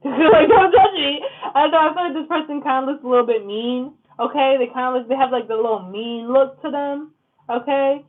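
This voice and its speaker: Blunt, swearing woman tarot reader. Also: on the high side. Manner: blunt, profane, fillers like "like" and "okay?". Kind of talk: casual tarot reading to camera. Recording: lo-fi phone-like sound.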